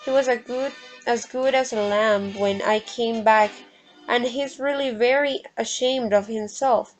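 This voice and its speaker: A woman voicing a calm, easygoing young married woman, reading her lines slowly from a play script. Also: a little high, soft background music, lightly acted, low-quality recording.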